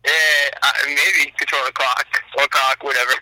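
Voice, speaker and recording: A man's voice: mid-range voice, fairly even intonation, normal speed, noisy background. A man calling in to a sports podcast, easygoing and chatty. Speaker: caller. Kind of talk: casual call-in chat.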